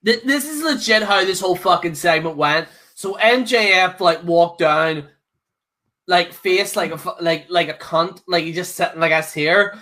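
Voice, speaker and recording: A man's voice: high voice, moderate pace, sharp tone. A young man co-hosting a podcast, chatting casually and profanely, laughing as he rambles through a story. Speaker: podcast co-host. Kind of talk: casual chat, ranting about wrestling.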